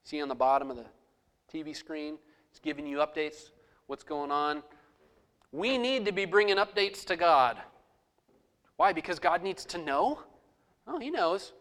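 A man's voice: fairly high pitch, expressive, unhurried, pauses often, fairly bright tone. A middle-aged man preaching a sermon as pastor, conversational, acting out prayers aloud in his own voice.

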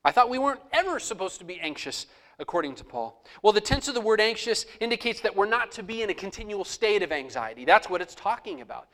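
A man's voice: high-pitched, big pitch swings, fast talker, sharp tone. A middle-aged man preaching a sermon as pastor, conversational, acting out prayers aloud in his own voice.

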